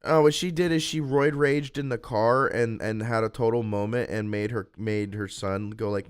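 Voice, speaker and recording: His voice is fairly low with fairly even intonation and a clean tone, moving at a moderate pace with few pauses. The young man is streaming and chatting casually on a voice call, venting about a breakup in a rambling, profane way.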